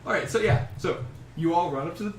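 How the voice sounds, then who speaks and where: A young man runs a tabletop game for his friends, narrating in a loose, rambling way and laughing often. His voice sits a little high. He is recorded from across an echoey home room with steady background hiss. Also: fast. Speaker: dungeon master. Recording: roomy, distant, noisy home recording.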